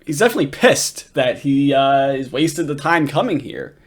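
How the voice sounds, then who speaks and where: A man's voice: mid-range voice, sing-song, normal speed. A man giving casual reaction commentary, rambling, swearing often and laughing at the clips he plays. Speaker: commentary host.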